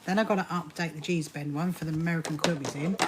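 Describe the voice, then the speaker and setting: A woman's voice: low voice, steady tone, fast talker, slight background noise. Chatty woman hosting a live stream. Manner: chatty, greets viewers, laughs often. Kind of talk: casual live stream chat.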